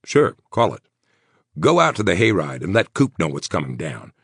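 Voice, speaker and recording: A man voicing a nervous, sweating male mayor, talking in tense, insistent rapid bursts. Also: low-pitched, sing-song, slightly rough, dry recording, studio quality, heavily acted. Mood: worried.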